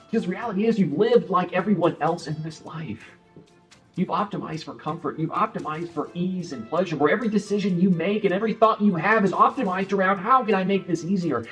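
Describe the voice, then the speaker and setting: Blunt, profane man with a high voice. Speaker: motivational speaker. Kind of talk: motivational monologue.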